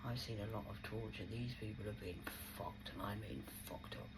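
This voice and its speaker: A woman's voice: a bass voice, normal speed, very noisy. A woman venting in an agitated, rambling monologue to camera, swearing often, from a small rented room. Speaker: vlogger. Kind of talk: unscripted angry monologue to camera.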